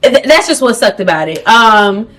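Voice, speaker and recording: A young woman vlogging a storytime to camera in an animated, slangy manner, talking to viewers as "girl". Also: a little high, normal speed. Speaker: beauty vlogger. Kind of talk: storytime vlog.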